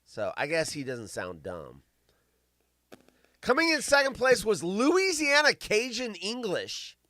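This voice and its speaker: A man's voice: high-pitched, wildly swooping pitch, slow, pushed and bright, dry recording. A man hosting a casual chat show, reading news stories aloud with rambling jokes and stumbles. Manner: rambling, joking, stumbling over words while reading. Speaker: show host.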